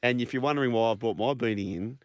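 A man's voice: medium pitch, fast talker, smooth, no room sound, studio quality. An Australian man hosting a radio show, who teases his co-host with wry remarks. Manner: wry teasing interjections. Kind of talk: casual radio banter. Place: radio studio. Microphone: studio mic.

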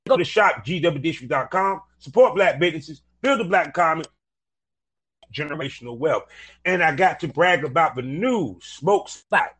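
Male podcast host, slightly high voice, energetic casual sponsor reads and chat. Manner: energetic, repeats "you know what I'm saying".

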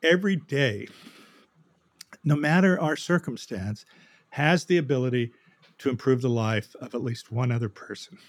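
A man as guest author in a podcast interview, speaking in a measured, reflective way and clearing his throat now and then. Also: medium pitch.

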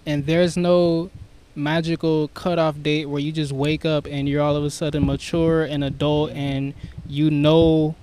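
A man in casual conversation, talking reflectively and softly about his own life and struggles. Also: fairly high pitch, clean tone. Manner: reflective, soft-spoken, storytelling. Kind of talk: casual chat.

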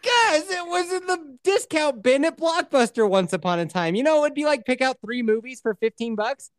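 A woman's voice: high-pitched, lively intonation, no echo, clean studio sound. A woman co-hosting a podcast, teasing and swearing in casual banter. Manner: teasing, swears, quick to laugh. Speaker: podcast co-host.

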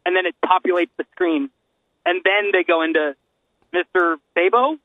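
A man's voice: sits high, fairly even intonation, dry recording, narrow, tinny audio. A man co-hosting a podcast in casual chat, joking and agreeing as he talks. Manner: chatty, joking, quick to agree.

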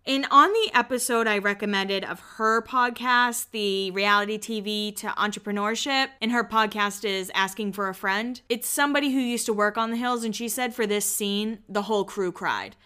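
A woman hosting a podcast, recapping reality TV in a chatty, snarky, animated way. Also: mid-range voice, moderate pace, hardly any pauses, clean tone. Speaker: podcast host. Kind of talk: casual reality-TV recap chat.

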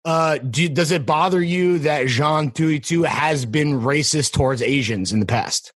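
A man's voice: on the high side, unhurried, dry recording. A man hosting a podcast over a video call, joking and teasing his guest in casual chat. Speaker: podcast host.

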